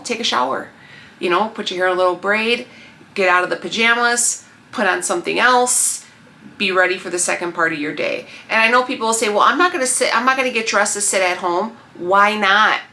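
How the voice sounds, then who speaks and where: A woman in her thirties talking straight to the viewer in a motivational lifestyle vlog, animated and preachy. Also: mid-range voice. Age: 30s. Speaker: lifestyle vlogger. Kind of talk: motivational vlog talk to camera.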